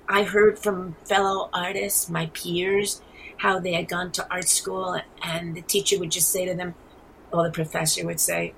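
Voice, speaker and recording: A woman in her seventies with a New York accent, telling rambling, animated stories as an interview guest. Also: lowish voice, gravelly, slight background noise, rough recording. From New York City. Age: 70s. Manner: rambling, animated storyteller with frequent restarts. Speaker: guest artist. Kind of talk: casual interview.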